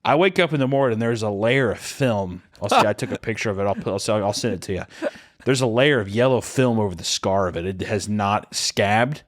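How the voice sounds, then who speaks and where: A man's voice: fairly low pitch, brisk. A drunk man telling a story as a podcast co-host, profane and rambling. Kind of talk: casual comedic storytelling.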